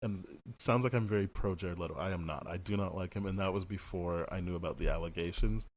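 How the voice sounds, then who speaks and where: A man's voice: sits low, quick pace, a little hiss or hum. A man co-hosting a casual movie review podcast, rambling and laughing as he acts out quotes. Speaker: podcast co-host.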